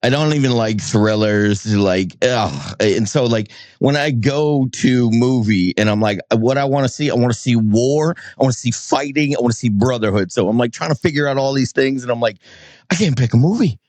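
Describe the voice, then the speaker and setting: A man from New Hampshire, a podcast guest, talking in an energetic, playful way and mimicking voices. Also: medium pitch, normal speed, hardly any pauses, dry recording. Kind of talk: casual podcast chat.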